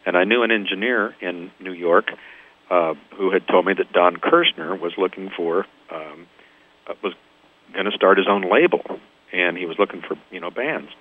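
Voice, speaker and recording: A man's voice: sits low, normal speed. An older man from Kansas, a band founder, telling his story in an interview and acting out the voices of the people in it. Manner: lively storyteller, acts out quoted voices. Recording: tinny phone line.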